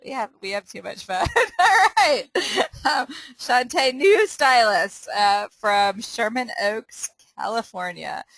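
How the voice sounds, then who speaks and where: A woman's voice: on the high side, lively intonation, slow, fairly bright tone, dry recording, low-quality recording. Upbeat woman leading a sales training. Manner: upbeat, laughs often, restarts sentences. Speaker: sales trainer hosting a team call. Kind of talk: casual training call with quiz.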